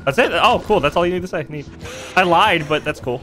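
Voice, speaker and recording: A man hosting a casual gaming session over voice chat, teasing his friends and yelling in panic. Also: a little high, fairly quick, over music. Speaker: host.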